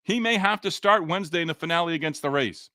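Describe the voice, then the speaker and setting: A man's voice: fairly high pitch, fast talker, bright, forceful tone, no echo, clean studio sound. A man hosting a sports podcast, reading listener comments in a frustrated, sarcastic, rambling way. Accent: Boston. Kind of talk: casual sports podcast talk.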